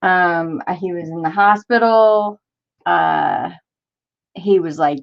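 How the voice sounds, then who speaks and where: Her voice fairly low, slow and gravelly, a woman in her forties runs a casual crafting stream, greeting viewers by name while reading out their comments in a rambling way. The sound is lo-fi.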